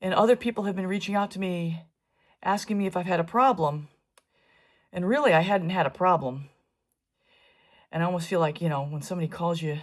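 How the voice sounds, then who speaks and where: A middle-aged woman talking her way through a painting tutorial in a chatty, wandering way, with asides while she works. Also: fairly low pitch. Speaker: fluid art painter teaching. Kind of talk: casual painting tutorial narration.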